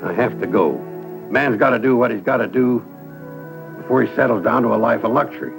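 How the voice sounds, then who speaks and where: An older actor playing a folksy, gallant retired Texas Ranger in a 1970 western film, with a drawling manner. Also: male voice, medium pitch, fairly quick, creaky, over music, rough recording. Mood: tender.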